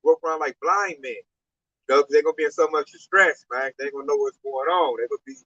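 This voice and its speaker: A man explaining scripture in an emphatic, colloquial preaching style, sometimes breaking into a shout, on a dull lo-fi recording. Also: a little high, quick pace, dry recording. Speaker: teacher expounding scripture. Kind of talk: animated street-style preaching.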